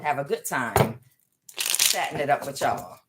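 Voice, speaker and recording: A tarot reader gives a casual spiritual reading, speaking emphatically and repetitively right to her audience and chuckling in asides. Her bass voice is very animated and unhurried, and the recording is very noisy.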